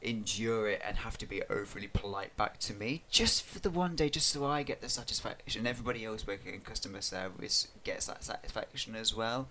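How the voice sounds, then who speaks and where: A man talking casually on a podcast with a lively, swooping voice. He is animated and breaks into loud laughter easily. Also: fairly low pitch, a little fast, hardly any pauses, a little hiss or hum. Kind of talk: casual chat.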